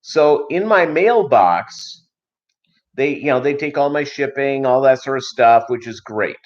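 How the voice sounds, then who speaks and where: A man's voice: mid-range voice, lively intonation, measured pace. Rambling joking livestream host, a man. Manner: rambling and joking, many fillers. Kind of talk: casual livestream chat and storytelling. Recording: slightly dull lo-fi stream audio.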